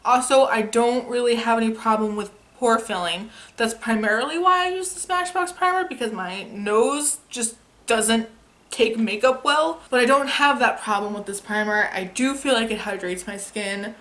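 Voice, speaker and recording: A young woman with a slightly high voice talks through a makeup haul in a chatty, enthusiastic way. She swears casually and sounds relaxed, filming at home. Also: normal speed. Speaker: beauty youtuber.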